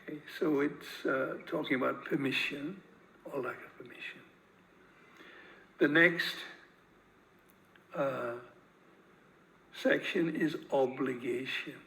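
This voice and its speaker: A man's voice: medium pitch, slow pace, vocal fry, pauses often, bright, forceful tone, low-quality recording. A man teaching a grammar lesson, hesitant, with many fillers and repeated words. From northern England. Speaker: English teacher. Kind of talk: lecture-style grammar lesson.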